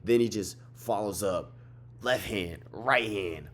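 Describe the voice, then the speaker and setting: Tired young guy with a lowish voice, excitable, profane fight recap vlogger. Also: takes it slowly. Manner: excitable, swearing, repeats phrases, trash-talks. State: tired, yawning late at night. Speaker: MMA fight recap host. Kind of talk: casual fight breakdown vlog.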